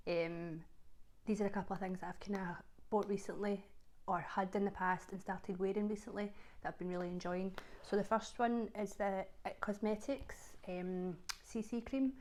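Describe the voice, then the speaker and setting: A woman's voice: medium pitch, darkish tone, slight background noise. Chatty Scottish woman vlogging. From Scotland. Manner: chatty, filler-heavy, repeats words for emphasis. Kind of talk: casual chat to camera.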